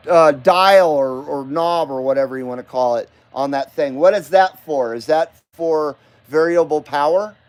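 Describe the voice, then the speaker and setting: A man hosting a late-night live stream, chatting loosely and cussing as he greets viewers by name and talks about his radio gear. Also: on the high side. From Nevada, US. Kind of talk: casual rambling live-stream chat.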